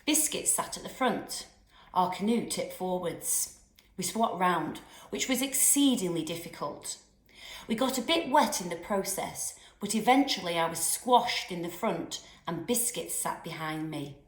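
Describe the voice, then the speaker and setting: A woman teacher reading a children's novel aloud with expressive storytelling. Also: lowish voice, unhurried. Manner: expressive storytelling with lively voices. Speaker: primary school teacher. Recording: roomy echoey room.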